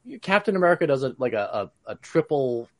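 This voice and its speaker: A man co-hosting a podcast, talking in an animated way with many restarts. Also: medium pitch, quick pace, no room sound. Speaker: podcast co-host. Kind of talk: casual chat.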